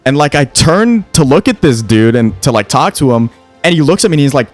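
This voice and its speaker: A man's voice: on the high side, lively intonation, brisk, soft background music. A young man telling a story casually on a gaming podcast, swearing freely and often restarting and stammering. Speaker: podcast co-host.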